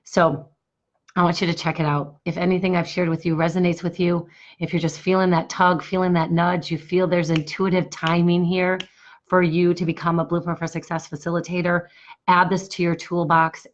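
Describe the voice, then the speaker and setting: A woman with a low, hoarse voice speaks to her viewers on a live stream as a business coach. She talks with warm enthusiasm, circling back and repeating phrases as she builds up her pitch. The audio has a dull, lo-fi quality. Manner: enthusiastic, repetitive, pitching a workshop.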